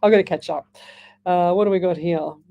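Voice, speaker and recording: A woman's voice: lowish voice, steady tone, brisk, gravelly, highs cut off. A middle-aged Australian woman hosting a live radio psychic show. She reads out listener messages and answers them in a chatty, rambling way, often restarting her sentences and calling people "lovey.". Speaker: psychic medium radio host.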